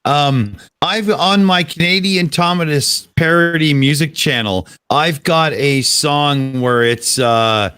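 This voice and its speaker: A man's voice: on the high side, pushed and bright, smooth. A man hosting a casual live stream, upbeat and jokey, chatting about his music days. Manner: upbeat, jokey, quick to laugh.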